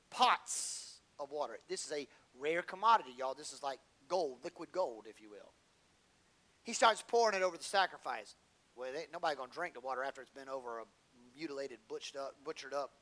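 High-voiced, bright male preacher. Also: a little fast, rough recording. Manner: animated storytelling preaching, swinging from loud build-ups to low asides; folksy, colloquial delivery. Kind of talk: sermon.

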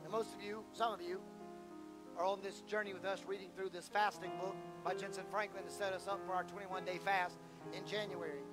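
High-voiced pastor preaching. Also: male voice, flat delivery, fairly quick, over music. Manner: preaching with rising shouts and mock-quoting congregants. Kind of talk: sermon. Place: church sanctuary.

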